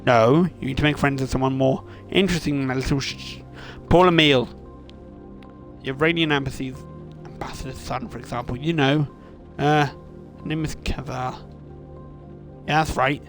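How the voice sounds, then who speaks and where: A man voicing a furious, snobbish middle-aged mother scolding her child in a shrill, indignant tone. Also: steady tone, moderate pace, faint music behind, natural voice.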